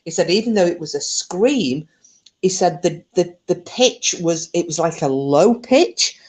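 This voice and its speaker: Woman with a low voice telling a true story, laughs a lot, swears loads. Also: animated, a little slow, darkish tone. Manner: chatty, swears freely, laughs often. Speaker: storytelling channel host. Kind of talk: casual retelling of a true story.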